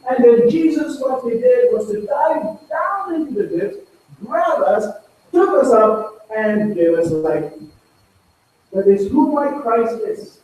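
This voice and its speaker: A man's voice: extremely high pitch, a little mellow. A man pastor preaching a sermon emphatically, pressing his points with rhetorical questions, recorded in a church sanctuary. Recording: very echoey church hall from far off.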